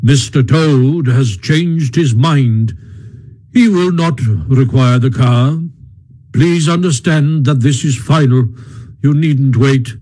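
A man voicing a stern, severe old male badger who lectures in a measured way in a storybook reading. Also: mid-range voice, dark tone, rough recording. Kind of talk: audiobook character reading.

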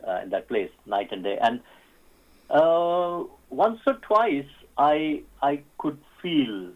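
A man, a radio guest who tells stories haltingly, with many fillers and restarts. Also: on the high side, sing-song. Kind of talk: radio interview storytelling. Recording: phone-like narrow sound.

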